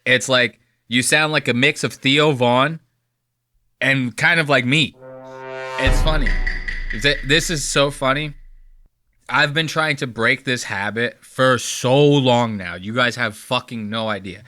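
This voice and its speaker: A man's voice: medium pitch, fairly even intonation, measured pace, pushed and bright, dry recording, studio quality, faint music behind. A man hosting a podcast in casual chat, self-mocking and swearing freely. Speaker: podcast host.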